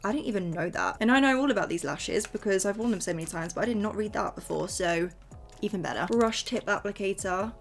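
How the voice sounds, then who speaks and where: A bubbly woman chats away as she works through a makeup routine, speaking straight to the viewer. Her voice sits at an ordinary middle pitch, friendly and talkative. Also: fast talker, creaky, faint music behind. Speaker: beauty vlogger. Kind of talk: casual makeup tutorial chat.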